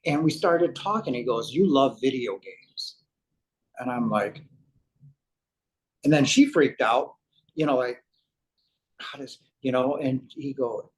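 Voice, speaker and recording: A man's voice: medium pitch, poor audio. Man telling a story with acted-out quotes. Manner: animated retelling with acted-out quotes and frequent fillers. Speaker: interview guest. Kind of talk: storytelling in an interview.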